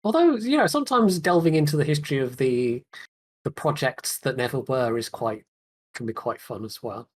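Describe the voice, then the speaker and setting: A man's voice: medium pitch, animated, normal speed. Chatty male podcast host. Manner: chatty, laughs often, trails off. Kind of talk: casual gaming chat.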